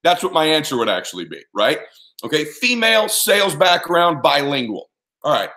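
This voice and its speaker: A man's voice: a little high, very animated, normal speed, sharp tone. A man giving punchy, emphatic advice as an interview guest, often checking that his listeners follow. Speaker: interview guest, performance coach. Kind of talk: motivational interview answer.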